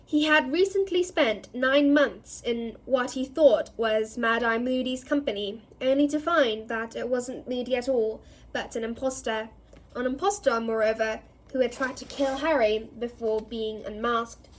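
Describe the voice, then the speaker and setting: A woman reading a novel aloud in an expressive storytelling way, giving each character a voice. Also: fairly high pitch, measured pace, hardly any pauses. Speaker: reader.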